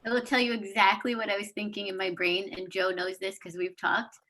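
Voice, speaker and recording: A woman's voice: mid-range voice, flat delivery, a little fast, pushed and bright, low-quality recording. A woman attending a sales workshop, answering candidly during a role-play.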